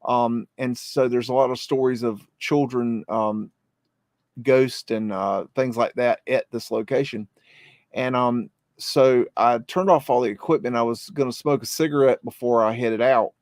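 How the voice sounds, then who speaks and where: A man's voice: mid-range voice, steady tone, measured pace, a little mellow, dry recording, clean studio sound. A man from the United States co-hosting a casual podcast, telling a story hesitantly with many ums and restarts. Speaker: podcast co-host. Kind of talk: casual chat.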